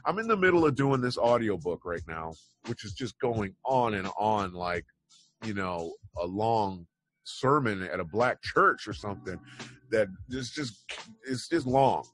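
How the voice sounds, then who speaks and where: A man's voice: fairly low pitch, expressive, measured pace, a bit bright, a little hiss or hum. Rambling opinionated man hosting news chat. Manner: rambling, opinionated, wry asides. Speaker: news show host. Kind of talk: casual commentary on news headlines.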